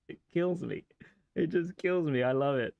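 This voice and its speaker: A man's voice: on the high side, slow pace, creaky, phone-quality sound. A man streaming a racing game, chatting casually and enthusiastically, rambling with many restarts and laughs. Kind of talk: casual livestream chat while playing a racing game.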